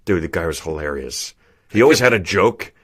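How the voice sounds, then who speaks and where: Man, very low voice, podcast host, casual storytelling, laughs often. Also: expressive, a little fast, slightly rough. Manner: laid-back, laughs at his own stories.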